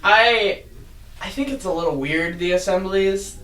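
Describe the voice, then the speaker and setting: Wisecracking teen guy, kinda high and bright, echoey and off mic. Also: a little slow, distant mic. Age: teens. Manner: joking, wisecracking interjections. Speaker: podcast co-host. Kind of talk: casual chat. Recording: echoey room, away from mic.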